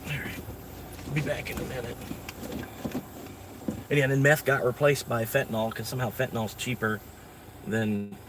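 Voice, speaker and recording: A man's voice: mid-range voice, flat delivery, normal speed, long pauses. A man livestreaming from a vehicle, rambling casually and loosely with lots of "like" and "you know what I mean". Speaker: livestreaming rideshare driver. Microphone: phone camera. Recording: distant phone mic, loud road noise.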